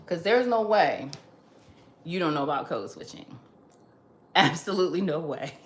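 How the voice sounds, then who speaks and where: A woman's voice: low voice, very animated, moderate pace, roomy sound. A woman hosting her own show, giving an emphatic opinion monologue and repeating her points to drive them home. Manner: emphatic, repetitive, lecturing. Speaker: host.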